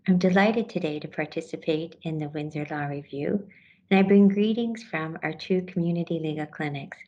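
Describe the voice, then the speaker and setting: A woman's voice: fairly low pitch, muffled recording. A woman who directs a legal clinic, giving a polished, formal recorded greeting.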